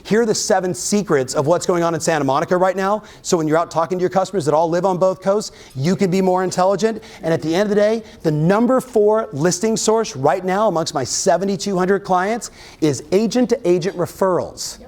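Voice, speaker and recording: A man giving an energetic motivational keynote to a live audience, often firing questions at the crowd. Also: sits high, a little fast. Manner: energetic, keeps quizzing the audience. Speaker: real estate coach and keynote speaker. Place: live event in front of an audience.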